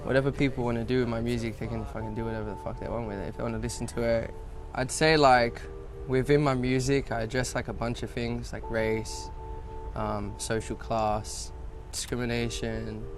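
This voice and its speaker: A man's voice: medium pitch, level tone, brisk, music in the background. A young man with a Western Sydney Australian accent, talking casually in an interview, laid-back and sweary, with lots of fillers. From South-West Sydney, Australia. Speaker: rapper interviewee.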